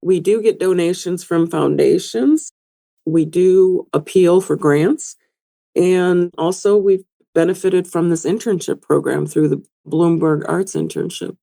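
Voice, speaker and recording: A woman's voice: on the low side, measured pace, creaky, dark tone. A middle-aged woman, a museum executive director, talking at length in a podcast interview and telling anecdotes. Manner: conversational, explains at length with anecdotes.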